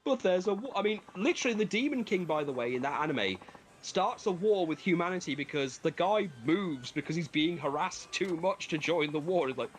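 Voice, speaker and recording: A man's voice: on the high side, a little fast, a little hiss or hum. A man hosting a gaming stream, chatting casually, telling stories with lots of swearing and laughter. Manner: animated storyteller, swears and laughs often. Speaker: gaming channel host. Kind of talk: casual chat while playing a video game.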